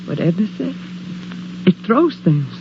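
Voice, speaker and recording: A woman's voice: on the low side, very animated, a little slow. An actress playing a brooding, superstitious young woman in a 1940s radio drama, speaking in an intense, foreboding way. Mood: brooding dread. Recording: dull, hissy old radio broadcast.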